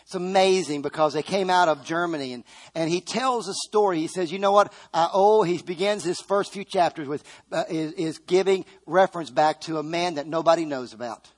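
A man's voice: fairly high pitch, a little fast, few pauses. A man preaching a sermon, earnestly retelling a story with quoted dialogue.

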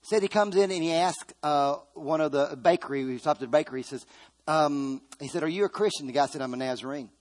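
A man's voice: fairly high pitch, fast. A man preaching a sermon, earnestly retelling a story with quoted dialogue.

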